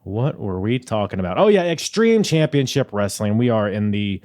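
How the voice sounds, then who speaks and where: A man's voice: fairly low pitch, sing-song, normal speed, a little mellow. A young man hosting a wrestling podcast in a casual, goofy, rambling way, joking with himself and the listener. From Virginia. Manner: goofy, rambling, self-mocking. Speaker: podcast host.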